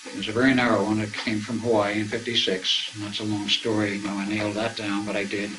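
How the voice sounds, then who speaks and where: Older man telling a story, low voice. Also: little pitch movement, quick pace, background noise. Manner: anecdotal, acts out remembered dialogue. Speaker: speaker recounting his experiences. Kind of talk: storytelling to an audience.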